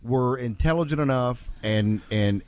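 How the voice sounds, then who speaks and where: Brief: male co-host, mid-pitched everyday voice, gushing and stammering, teasing banter. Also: a little slow. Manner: gushing, stammers and repeats himself when excited. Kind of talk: casual chat.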